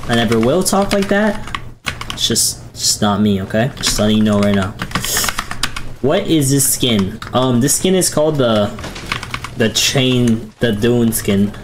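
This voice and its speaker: Excitable young male game streamer. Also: unhurried, background noise. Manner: excitable, jumps to high yelps, casual slang. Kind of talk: casual live-stream chat while gaming. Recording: loud keyboard clicks behind. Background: keyboard typing.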